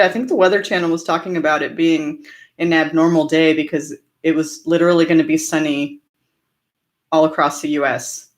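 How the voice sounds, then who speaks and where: A chatty woman from Southern California hosting a casual live stream, answering viewer comments with frequent fillers and laughter. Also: low voice. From Orange County, California.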